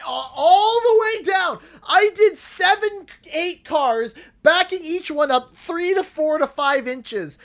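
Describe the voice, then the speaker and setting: Bright-voiced Canadian man telling stories. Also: extremely high pitch. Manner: animated, acts out the people in his stories. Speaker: streamer. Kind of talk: casual livestream storytelling.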